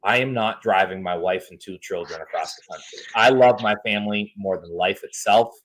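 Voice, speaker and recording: A man hosting a podcast in casual chat, joking and animated as he tells stories. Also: deep voice, brisk. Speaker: podcast host.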